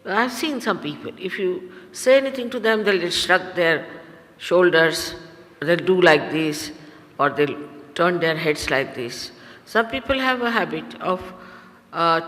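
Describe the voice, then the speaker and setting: A woman with an Indian accent, a spiritual teacher giving an instructive, admonishing talk to her followers, pausing often with hesitations. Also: fairly low pitch, sing-song, fairly bright tone, big-room sound.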